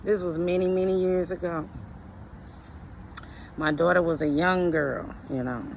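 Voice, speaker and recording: Middle-aged woman, slow-talking, earnest and preachy, with a gravelly edge. Faint traffic hums in the background. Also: on the low side, rough recording. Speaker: speaker sharing life lessons. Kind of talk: reflective motivational monologue.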